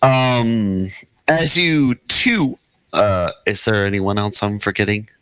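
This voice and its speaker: Male game master, relaxed and unhurried, close dry mic, halting restarts. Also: fairly low pitch, clear, resonant tone, dry recording, rough recording. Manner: laughs often, halting restarts. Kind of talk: narrating a tabletop game.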